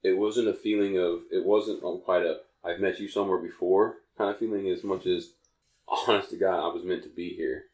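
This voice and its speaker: A man with a notably low voice talks casually on a podcast, drifting through a story and backing up to restart his sentences as he goes. The room around him is echoey. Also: steady tone, fairly quick, a little mellow. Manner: rambling, self-correcting storyteller. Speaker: podcast co-host.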